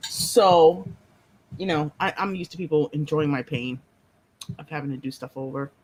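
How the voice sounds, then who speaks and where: A woman hosting a writing-sprint livestream, talking casually with a low, somewhat monotone voice and playfully dramatic banter. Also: moderate pace, slight background noise, rough recording. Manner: playfully dramatic, teasing banter with chat and partner.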